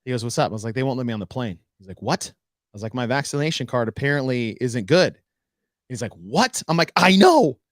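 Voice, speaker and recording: A man's voice: medium pitch, fairly quick, no echo, clean studio sound. A man co-hosting a podcast, telling a story in casual chat and acting out the dialogue. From United States. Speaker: podcast co-host.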